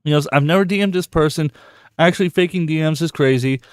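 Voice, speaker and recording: A man hosting a casual podcast, excitable and swearing often, repeating words when worked up. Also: a little high, fast talker, no echo, studio quality. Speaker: podcast host. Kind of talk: casual profane podcast chat.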